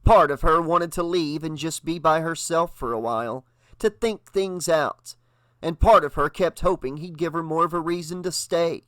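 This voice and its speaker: A man narrating an audiobook with a dramatic, expressive reading. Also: on the high side, normal speed, dry recording. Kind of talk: audiobook narration with character voices.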